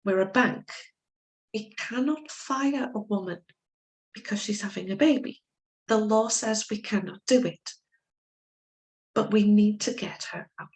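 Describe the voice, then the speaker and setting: Slow, deliberate woman lecturing. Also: mid-range voice, darkish tone, poor audio. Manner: slow, deliberate storytelling, acting out quoted speakers. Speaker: legal English teacher. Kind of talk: lecture with case stories.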